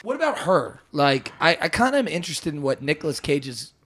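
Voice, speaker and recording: A man hosting a casual chat, joking and cutting in quickly. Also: fairly high pitch, very animated, background noise.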